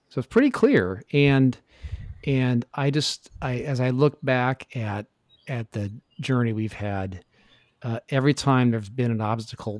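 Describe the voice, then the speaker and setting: A man's voice: mid-range voice, darkish tone, dry recording. A middle-aged man speaking as a guest in a casual interview, telling his story in an earnest, reflective way. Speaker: podcast guest.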